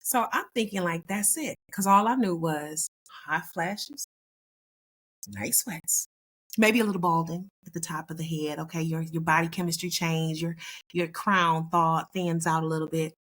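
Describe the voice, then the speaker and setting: A woman in her fifties hosting a podcast, telling personal stories in an animated, chatty way and laughing along. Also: lowish voice, moderate pace. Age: 50s. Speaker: podcast host. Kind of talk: casual storytelling monologue.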